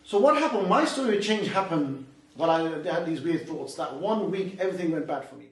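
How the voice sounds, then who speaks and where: A man's voice: fairly high pitch, expressive, brisk, slight background noise. Man speaking in a far, echoey hall. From England. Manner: chatty and storytelling, asides to the audience. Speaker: Islamic youth speaker. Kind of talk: motivational talk to a youth audience.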